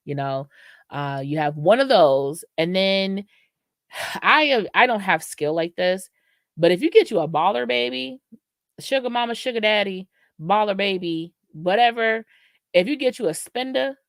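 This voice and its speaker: Woman, podcast co-host, low-pitched, dry close mic, candid slangy delivery. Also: expressive, normal speed, dry recording. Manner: frank and slangy, acts out quoted voices. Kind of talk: casual podcast chat.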